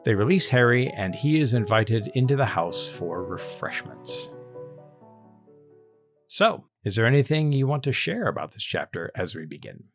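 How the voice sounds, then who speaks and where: A man hosting a casual podcast chat, relaxed and chuckling often. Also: mid-range voice, normal speed, dry recording, soft background music. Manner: relaxed, chuckling, reads tasting notes. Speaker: podcast host.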